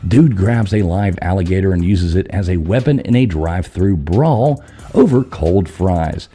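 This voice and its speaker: A man hosting a podcast, running through the news with crude, irreverent jokes and quick asides. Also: low-pitched, animated, mellow, breathy edge, faint music behind. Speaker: podcast host. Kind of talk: crude comedic news rundown.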